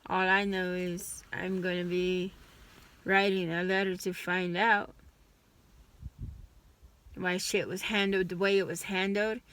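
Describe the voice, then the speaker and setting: A woman's voice: lowish voice, little pitch movement, takes it slowly, pauses often, a bit bright, smooth. A woman vlogger speaking in a frustrated, emphatic personal rant, sighing between points.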